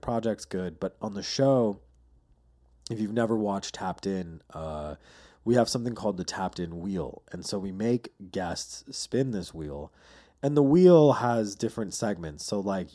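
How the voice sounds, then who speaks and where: Male podcast host, loose profane storyteller, low-ish warm tone. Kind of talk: casual solo podcast monologue.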